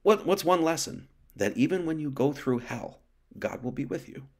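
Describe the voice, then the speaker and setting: A man's voice: a little high, expressive, moderate pace. Conversational man preaching a sermon. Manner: conversational, acts out quotes, many restarts. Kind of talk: informal sermon with scripture reading.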